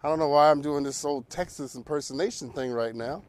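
A man hosting a talk show, giving advice in an animated, preacher-like cadence. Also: on the high side, brisk.

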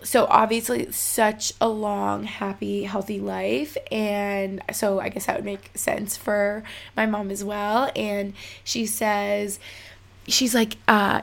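A woman's voice: mid-range voice, flat delivery, slow pace, vocal fry. A young woman telling a story casually to her viewers, chatty and full of fillers. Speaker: vlogger.

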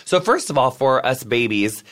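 A man's voice: medium pitch, big pitch swings, normal speed, a bit bright. A man hosting a podcast in a casual, effusive, playful way, full of fillers and pet names like honey. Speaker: podcast host. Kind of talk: casual interview chat.

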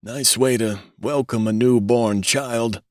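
A man voicing a querulous old man who has just been born, speaking in a whining, quavering voice, higher than his own. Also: fairly even intonation, takes it slowly, darkish tone, no echo, clean studio sound, close to an everyday voice.

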